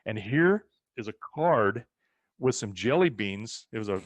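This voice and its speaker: A man's voice: on the low side, a little slow, no room sound. A man telling casual family stories as a ranch co-host, acting out other people's lines as he goes. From rural western United States. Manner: animated storyteller who acts out other people's lines. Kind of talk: casual storytelling chat.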